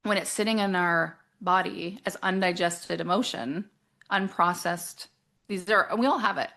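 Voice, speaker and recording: A woman coach talking casually in an interview, animated, acting out quoted voices and laughing often. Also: lowish voice, normal speed, vocal fry.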